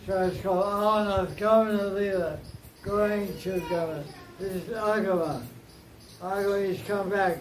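A man's voice: sits high, steady tone, normal speed, reverberant, a little hiss or hum, rough recording. A man teaching an informal scripture class outdoors, telling the story with playful asides. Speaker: spiritual teacher.

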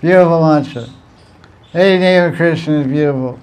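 A man's voice: a little high, normal speed, a little mellow, rough recording. A man, a spiritual teacher, giving a devotional talk with verse recitation, playful and chuckling as he answers questions.

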